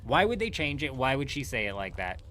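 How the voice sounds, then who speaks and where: Young man, game streamer, bright tone, playful banter, live commentary. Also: medium pitch, fairly quick, a little hiss or hum. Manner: playful, trash-talking, animated outbursts.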